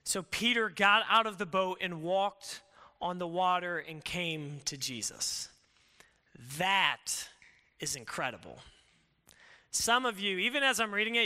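Man, preacher, sermon, conversational, rhetorical questions, piercing bright tone, smooth clear voice. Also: sits high, expressive, measured pace, long reverb tail. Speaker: pastor.

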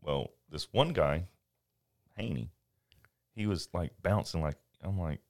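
Deep-voiced man telling a laid-back story. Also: takes it slowly, vocal fry. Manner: storytelling, animated, laughs often. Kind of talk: casual chat.

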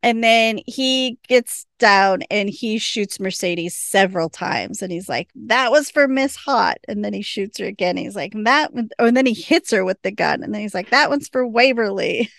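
A woman's voice: medium pitch, lively intonation, normal speed, gravelly, hardly any pauses, fairly bright tone, no room sound, studio quality. A woman hosting a podcast, casually recapping a TV episode, laughing often and acting out the lines. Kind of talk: casual chat.

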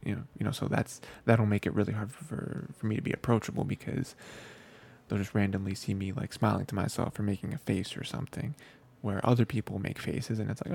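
Man, podcast co-host, gravelly fry, husky, rambling casual chat, lots of fillers. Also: lowish voice, little pitch movement, a little mellow. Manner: rambling, lots of fillers, quoting characters in quick asides. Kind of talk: casual anime review chat.

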